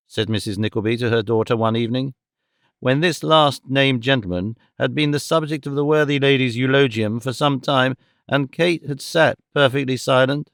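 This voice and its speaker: A man narrating a classic novel in a measured, expressive reading on a close studio mic. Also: medium pitch, smooth, no room sound. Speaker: audiobook narrator.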